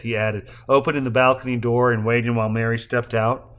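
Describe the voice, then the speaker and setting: A man narrating a novel aloud in a measured reading. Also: medium pitch, flat delivery, fairly bright tone. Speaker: audiobook narrator. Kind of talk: scripted narration.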